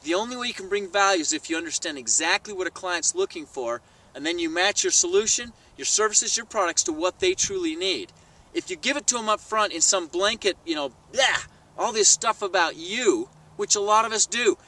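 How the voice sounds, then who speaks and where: A man telling a sales story to camera in a vlog, animated and acting out the people he quotes. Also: high-pitched, a little fast, distant mic, low-quality recording. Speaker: sales trainer. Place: outdoors.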